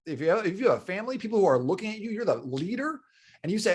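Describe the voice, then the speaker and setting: A man's voice: sits high, very animated, fast talker, darkish tone, husky. A man hosting a podcast interview, speaking earnestly and stressing points by repeating phrases. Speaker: podcast host.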